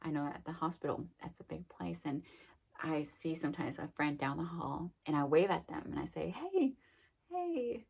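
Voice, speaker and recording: A woman's voice: deep voice, little pitch movement, fairly quick, gravelly, a little mellow, husky. A young adult woman giving a casual, rambling self-help talk, full of fillers and acted-out quotes. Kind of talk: casual monologue.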